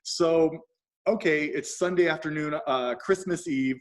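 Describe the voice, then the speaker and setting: A man hosting a talk show, telling an animated story and acting out the people he quotes. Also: a little high, a little slow. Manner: acts out quoted voices, shifts pace often. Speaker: show host.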